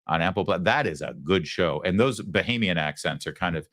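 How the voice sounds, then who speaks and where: A man hosting a political talk show, giving mocking, animated commentary. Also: sits low, a little fast, dry recording, clean studio sound.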